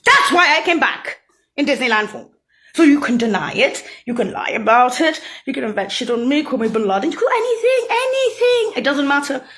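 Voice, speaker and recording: A woman in a profane, rambling rant, mocking and swearing heavily, jumping between loud outbursts and low muttering. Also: sing-song, a little fast.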